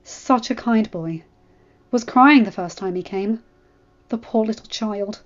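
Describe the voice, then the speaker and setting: A woman voicing a kindly castle cook who tells things in a warm, gossipy, storytelling manner. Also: medium pitch, a little slow, highs cut off, natural voice. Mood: fond.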